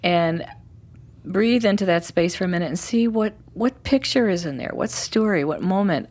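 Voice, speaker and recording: A middle-aged woman coach explaining her method as an interview guest, acting out emotional phrases with lively energy. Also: fairly low pitch, normal speed. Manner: animated, acts out emotional phrases. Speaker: forgiveness coach.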